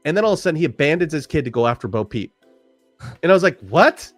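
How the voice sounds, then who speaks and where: A man talking as a podcast guest in a casual conversation, an animated storyteller who swears freely and acts out quotes. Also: a little high, rapid-fire, no room sound, faint music behind.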